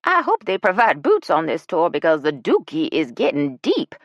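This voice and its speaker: A woman voicing a fussy, easily offended older woman with a prim, high-strung manner, in an audiobook. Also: wildly swooping pitch, normal speed, dry recording, muffled recording, heavily acted. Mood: huffy.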